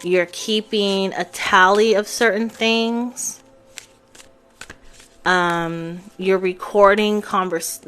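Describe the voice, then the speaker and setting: Over a phone on a live stream, a woman with a mid-range, fairly bright voice gives a tarot reading. She chats casually and speaks straight to her viewers.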